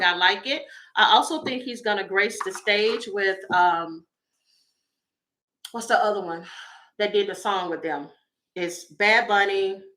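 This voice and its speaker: A woman's voice: medium pitch, sharp tone, poor audio. A woman reading tarot on a casual livestream, blunt and profane, laughing often as she talks to her viewers. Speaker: tarot reader.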